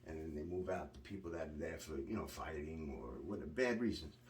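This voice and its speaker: A man's voice: very deep voice, fairly quick, distant mic, slight background noise. A man from Long Island, telling a rambling, profane story in a casual monologue. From Long Island, New York. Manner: blunt, profane, rambling with restarts. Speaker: vlogger recounting prison experiences.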